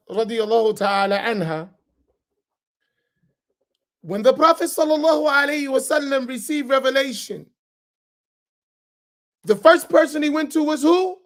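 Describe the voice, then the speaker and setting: A man speaks as an imam on a panel, earnest and deliberate. He repeats his key phrases to drive the point home. His delivery is measured and sincere. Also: very high voice. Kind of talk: earnest advice talk.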